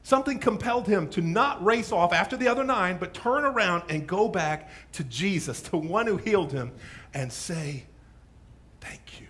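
Animated male pastor preaching. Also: sits high, normal speed. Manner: animated storyteller, dropping to hushes. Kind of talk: sermon. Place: church.

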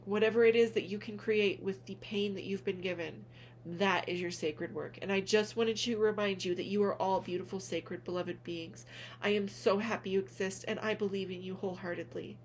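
Soft earnest lady talking to her viewers like a friend, calls them honey, mid pitch, faint hum behind. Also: fairly even intonation, moderate pace. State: tearful at moments. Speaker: spiritual vlogger, reader. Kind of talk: heartfelt direct-to-camera vlog.

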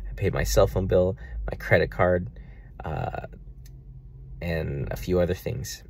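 A man's voice: deep voice, a little slow, vocal fry, darkish tone, breathy edge. A young man talking earnestly and at length in a personal video diary about faith and money. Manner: earnest, rambling, faith-filled reflection. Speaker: vlogger.

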